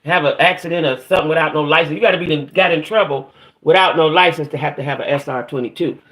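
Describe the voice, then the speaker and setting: Middle-aged woman ranting on her livestream, swearing a lot and fed up, shouting out chat folks by name. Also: low-pitched, fast talker. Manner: profane, venting, greets chat viewers by name. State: aggravated. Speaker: livestream host. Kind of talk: casual livestream rant.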